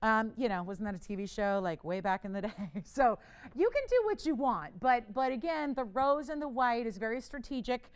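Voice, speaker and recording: A woman's voice: a little high, sing-song, moderate pace, clean tone. Chatty woman hosting live jewelry auction. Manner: chatty, playful, laughs often, urges bidders. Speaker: TV shopping host. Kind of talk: live shopping auction pitch. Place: TV studio.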